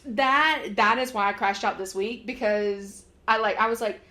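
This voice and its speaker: A woman chats on a podcast in a fairly high voice. She rambles casually, leaning on "like" and breaking into laughs. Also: normal speed, bright, forceful tone. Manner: chatty, laughs often, lots of "like". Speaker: podcast co-host. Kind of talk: casual chat.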